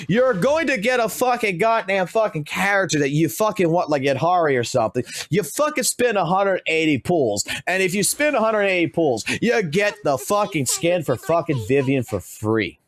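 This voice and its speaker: While streaming a game, a man rants heatedly about spending, swearing nonstop in his reaction commentary. His voice is fairly high-pitched, with no echo.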